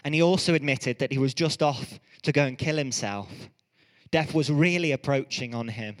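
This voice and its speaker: A man preaching a sermon, telling stories in a lively way and often correcting himself mid-sentence. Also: medium pitch, big-room sound. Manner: lively storytelling with quick self-corrections.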